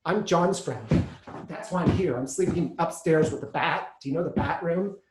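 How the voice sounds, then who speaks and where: A man's voice: fairly high pitch, moderate pace, reverberant, heavy background noise, lightly acted. A man voicing a nervous, clumsy boy with a crush, stammering and boasting eagerly. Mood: flustered.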